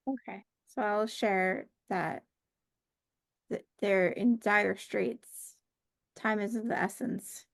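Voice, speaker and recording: Woman at an rpg table, slow and kinda high, dry close sound. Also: steady tone, gravelly, dry recording. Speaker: player.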